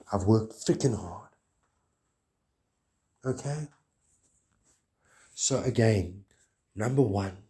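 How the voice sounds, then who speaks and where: A man's voice: medium pitch, mellow. A man delivering a rambling, grandiose monologue, preachy and swearing often.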